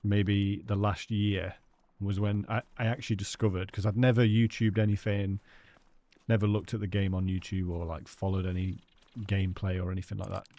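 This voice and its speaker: A man's voice: fairly low pitch, flat delivery, normal speed, dark tone, no room sound. A British man live-streaming a hunting game, chatting casually with his viewers and greeting them by name.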